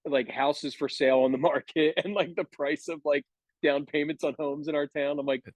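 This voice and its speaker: A man's voice: on the high side, little pitch movement, normal speed, no room sound. A man in his thirties telling a long, rambling story on a podcast, laughing as he goes. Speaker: podcast guest. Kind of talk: casual chat, storytelling.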